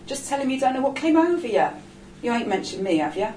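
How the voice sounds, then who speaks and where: A woman's voice: sits high, sing-song, fast, dark tone, a little hiss or hum, pitched above the performer's own voice. A woman voicing a streetwise older man, cheeky, coaxing and full of slang, in a storybook reading. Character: streetwise older gay man, wry and bossy. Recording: roomy echo, distant mic.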